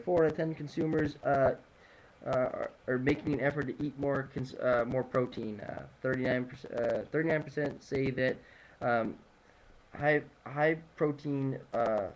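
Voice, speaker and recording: This nutrition presenter has a mid-range voice, captured roughly with slight background noise. Speaking from a home room as the sun rises, he gives a loose, casual lecture on food trends, wandering through numbers with frequent fillers, restarts and humorous asides.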